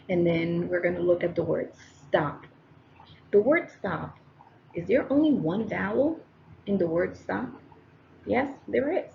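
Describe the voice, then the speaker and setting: A woman's voice: on the low side, creaky, highs cut off, a little hiss or hum. A woman teacher talking straight to her students on a close microphone, encouraging them and repeating each step. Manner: encouraging, talks to students directly, repeats steps. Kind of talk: recorded classroom lesson narration.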